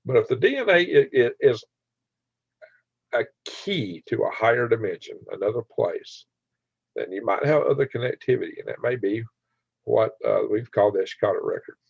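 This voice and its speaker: A man's voice: medium pitch, lively intonation, moderate pace, creaky, slightly rough, no room sound, lo-fi sound. An older man hosting a casual livestream, rambling and laughing as he answers viewers' comments by name. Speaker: channel host reading live chat.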